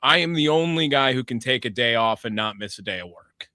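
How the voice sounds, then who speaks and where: Bright, clear-voiced male radio co-host. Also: mid-range voice, animated, a little fast, no echo, clean studio sound. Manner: joking, easygoing banter. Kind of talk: casual sports radio chat. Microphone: studio microphone.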